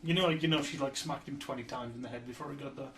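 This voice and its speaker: A co-host on a comedy podcast, rowdy and acting out bits in loud, shouted voices. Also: medium pitch, fast. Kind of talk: casual comedy podcast banter.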